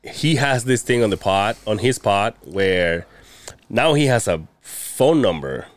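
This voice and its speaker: Low-voiced man in lively, rambling podcast chat. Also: slow pace, no echo. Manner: rambling, swearing, laughs often, lively storytelling. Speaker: podcast co-host. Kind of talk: casual chat.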